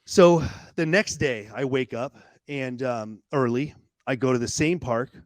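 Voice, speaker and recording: Fast-storytelling man, dry close sound. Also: medium pitch, no echo. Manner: animated, swears freely, repeats words while racing ahead. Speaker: podcast guest. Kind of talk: casual storytelling.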